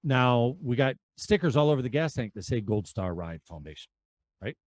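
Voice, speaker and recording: A man in his fifties spins road stories as a podcast guest, animated and quick to act out what people said. His voice sits at an ordinary middle pitch. The sound is dry and close, with no room echo. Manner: animated storyteller who acts out dialogue. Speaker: podcast guest, veterans' charity rider. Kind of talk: conversational storytelling.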